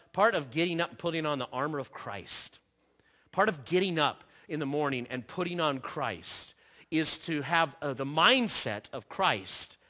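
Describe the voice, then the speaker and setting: A man preaching a sermon with a bright, forceful tone and a slightly high voice. His delivery is animated and earnest, full of repeated phrases and restarts, and he drops softer for quoted words. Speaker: pastor.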